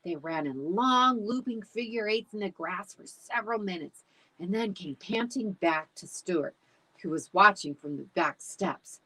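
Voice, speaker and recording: Give me a husky-voiced woman reading a story aloud. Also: medium pitch, measured pace, rough recording. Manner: animated storytelling. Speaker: library storytime reader. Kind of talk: reading a children's book aloud.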